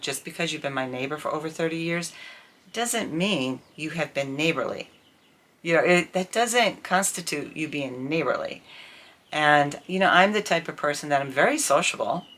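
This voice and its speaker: A middle-aged woman talking candidly to camera in a casual vlog, telling an indignant, animated story about her life. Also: low voice. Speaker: vlogger.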